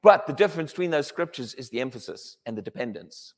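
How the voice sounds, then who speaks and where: A man preaching a sermon, emphatic and animated, often restarting his words as he builds a point. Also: medium pitch, fast talker, few pauses, in a large hall.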